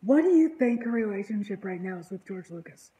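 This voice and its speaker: A woman hosting her own channel, talking with guests in loose, rambling chat. She sounds exasperated and indignant, with a mellow, warm tone at an ordinary pitch. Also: lively intonation, fairly quick, muffled recording. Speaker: online channel host. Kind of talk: casual panel chat.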